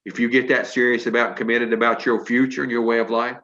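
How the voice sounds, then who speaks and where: A man's voice: mid-range voice, flat delivery, fast talker, pushed and bright. Man in his 60s, motivational pep talk, emphatic and preachy, folksy, muffled video call audio. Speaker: motivational speaker for a sales team.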